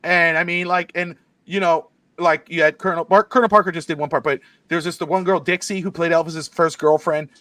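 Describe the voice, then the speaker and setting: A man co-hosting a sports podcast, telling stories in quick, excitable bursts with lots of asides. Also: a little high, no room sound, clean studio sound. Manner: fast, excitable storytelling with quick asides and laughs. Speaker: podcast co-host. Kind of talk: casual sports podcast chat.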